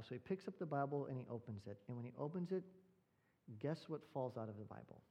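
A man's voice: mid-range voice, expressive, quick pace, dull audio. A male pastor preaching a sermon, telling a story and posing rhetorical questions.

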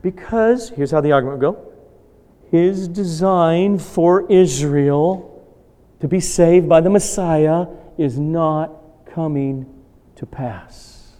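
A man with a high voice preaches a sermon at an unhurried pace. His words ring out with a long reverb, as in a large church hall. He poses rhetorical questions and moves between loud, emphatic bursts and quiet, hushed asides.

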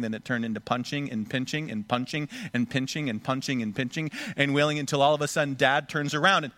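A man's voice: mid-range voice, a little fast, fairly bright tone, no room sound. A man preaching a sermon, acting out the scripture voices dramatically. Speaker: pastor.

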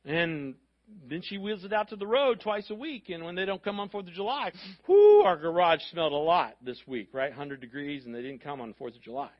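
A fairly high-pitched man preaches to his church in a chatty, conversational way, tossing in asides and repeating himself for emphasis. The recording sounds dull and lo-fi. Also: a little fast. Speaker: pastor. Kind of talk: sermon. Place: church sanctuary.

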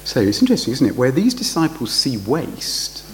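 A man preaching a sermon, his voice lively and full of rhetorical questions. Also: mid-range voice, moderate pace, slight background noise, rough recording.

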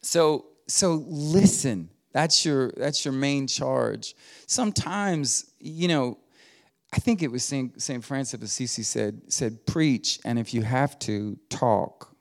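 Folksy man preaching, gravelly voice. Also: mid-range voice, slow pace. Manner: folksy storytelling with laughs and quoted voices. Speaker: pastor. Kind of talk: sermon.

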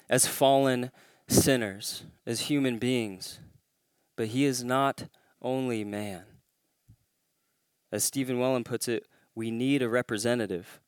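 A man's voice: mid-range voice, clean tone, dry recording, studio quality. A man preaching a sermon as a pastor, pressing hard on his main points and lifting his voice to stress them. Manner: emphatic, rising to stress key claims.

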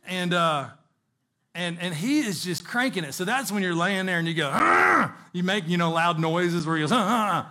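A man preaching a sermon, telling a personal story in an animated way with chuckles, then slowing into earnest exhortation. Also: high-pitched, a little hiss or hum. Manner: earnest, slowing on key words when exhorting.

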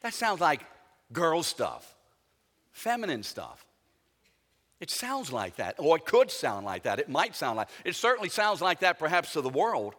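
A middle-aged man preaching a sermon as a pastor, swinging dramatically between loud emphatic lines and quiet intimate ones. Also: fairly high pitch, huge pitch swings, unhurried, in a large hall.

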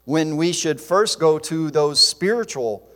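A man's voice: on the high side, animated, measured pace, a bit bright. A man preaching a sermon in an earnest, emphatic way, with fillers and restarts. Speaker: pastor. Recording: long hall reverb.

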